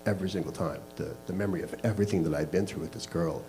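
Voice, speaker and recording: A low-voiced Canadian man talks very fast in a mellow tone, sharing a candid personal story with a small live audience and laughing at his own expense. Soft music plays behind him, and the recording is rough.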